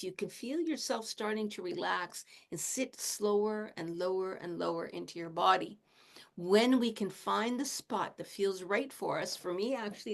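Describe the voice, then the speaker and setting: A woman in her late sixties, a shamanic teacher, talking in a gentle, casual teaching manner and chuckling often. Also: mid-range voice. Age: 60s. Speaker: shamanic teacher and animal communicator.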